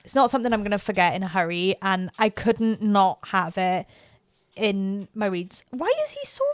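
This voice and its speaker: A woman's voice: mid-range voice, steady tone, normal speed, smooth, no room sound, clean studio sound. A woman co-hosting a casual livestream podcast, gushing about books with lots of filler words. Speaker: podcast co-host.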